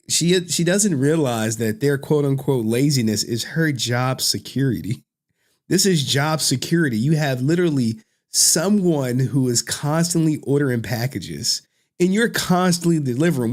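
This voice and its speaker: A man's voice: mid-range voice, a little mellow. A man who streams reaction videos, chatting casually in loose slang and laughing often between remarks.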